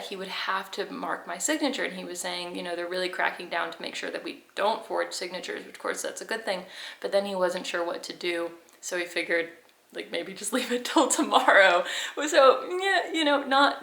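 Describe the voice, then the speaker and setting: A woman's voice: medium pitch, normal speed, bright, forceful tone. A young woman vlogger telling a story in a chatty, rambling way and laughing often. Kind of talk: casual storytelling to camera. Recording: echoey room.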